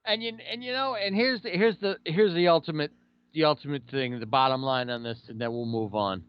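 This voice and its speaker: A man's voice: fairly high pitch, a little fast, smooth, dry recording. A man hosting a casual podcast, telling stories and sharing blunt opinions with some swearing. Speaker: podcast host. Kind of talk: casual profane talk. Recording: dry, slightly dull sound.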